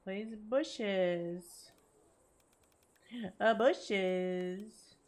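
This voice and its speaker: A sleepy woman streamer with a raspy voice, chatting casually to her chat and to herself as she plays. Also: medium pitch, extremely slow, darkish tone. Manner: chatty, talks to chat and herself, laughs often.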